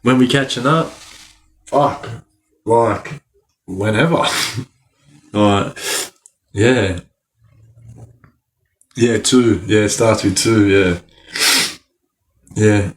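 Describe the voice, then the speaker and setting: A man's voice: fairly low pitch, very slow, pauses often. An Australian man chatting casually on a livestream, greeting viewers by name, using lots of slang and laughing often. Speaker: livestream host reading chat.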